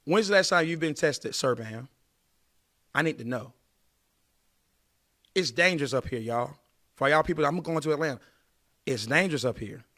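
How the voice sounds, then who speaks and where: A man's voice: fairly high pitch, normal speed, pauses often. A man in his late thirties hosting a podcast, giving dating advice in a casual, preachy monologue that speaks straight to his listeners. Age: late 30s. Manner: animated, preachy, addresses listeners directly.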